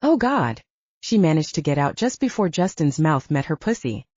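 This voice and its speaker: Female audiobook narrator, low and mellow, animated; dull, dry recording. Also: brisk, no room sound. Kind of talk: scripted narration.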